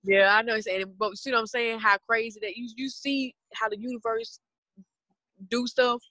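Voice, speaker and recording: A woman's voice: a little high, fairly even intonation, normal speed, bright, forceful tone, no room sound. A woman in her twenties with a Southern US accent, chatting casually and earnestly on a podcast in a rambling way. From Southern United States. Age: 20s. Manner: rambling, earnest, talks about spirituality.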